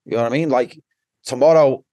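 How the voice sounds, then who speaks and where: Here the Liverpool guest, Scouse accent and all, rambles through a casual story on a podcast, blunt and constantly swearing. His mid-range, mellow voice moves a little fast, and the audio is dull with no room sound.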